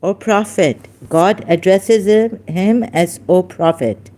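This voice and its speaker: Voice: medium pitch, slow, darkish tone. A speaker hosting a heated religious debate, scolding a caller with emphatic rhetorical questions and sounding angry. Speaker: online debate host.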